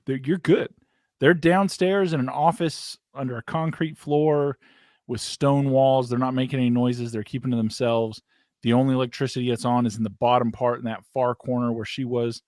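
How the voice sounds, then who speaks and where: A man's voice: mid-range voice, darkish tone, no echo, studio quality. A man co-hosting a casual paranormal podcast chat, joking, laughing often and swearing. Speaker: co-host.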